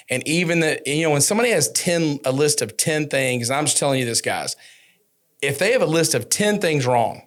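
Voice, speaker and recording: A man hosting a business podcast, telling stories in a casual, animated way and acting out what people said. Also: fairly quick. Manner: animated storyteller, acts out quotes with rising pitch. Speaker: podcast host.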